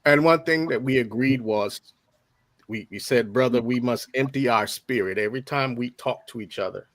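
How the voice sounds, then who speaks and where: A man giving a heartfelt spoken tribute on a video call, earnest and halting, with many pauses and fillers. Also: medium pitch, no echo. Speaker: tribute speaker.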